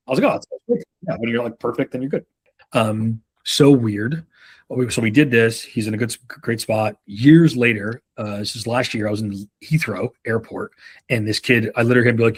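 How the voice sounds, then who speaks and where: A man's voice: lowish voice, brisk, breathy edge. A man leading a sales coaching session, telling rambling anecdotes with frequent swearing. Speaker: sales leadership trainer. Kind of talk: casual coaching talk.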